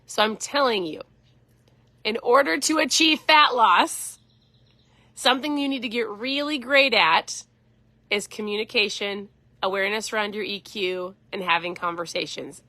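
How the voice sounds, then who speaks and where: A woman's voice: medium pitch, pushed and bright, no echo. A woman in her forties, a keto coach, chatting earnestly on a casual live stream.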